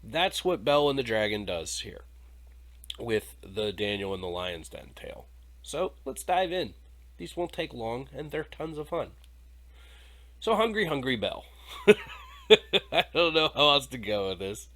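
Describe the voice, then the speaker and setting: A man's voice: medium pitch, very animated, unhurried, pauses often, bright, forceful tone. Irreverent, jokey male podcast host. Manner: irreverent, jokey, swears freely. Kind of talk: casual discussion.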